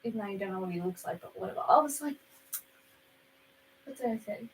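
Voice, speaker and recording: A teenage girl chatting casually in a storytime vlog, rambling and dramatic, with quiet asides. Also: mid-range voice, animated, fast, slight background noise, poor audio. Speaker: vlogger.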